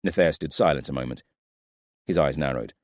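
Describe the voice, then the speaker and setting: A man narrating a fantasy audiobook in a low, measured storytelling voice. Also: a little mellow, no room sound, clean studio sound.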